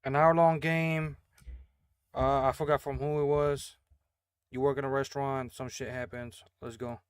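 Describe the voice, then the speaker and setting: A man giving casual, crude, joking commentary while playing a game, often trailing off into quiet mumbled asides. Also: mid-range voice, flat delivery, moderate pace, smooth, no room sound. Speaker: gaming streamer.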